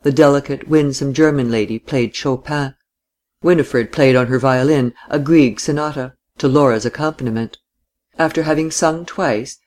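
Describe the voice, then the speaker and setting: A man narrates a classic novel audiobook in a measured, deliberate manner, his medium-pitched voice a little mellow. He reads steadily and carefully, letting the long descriptive sentences unfold.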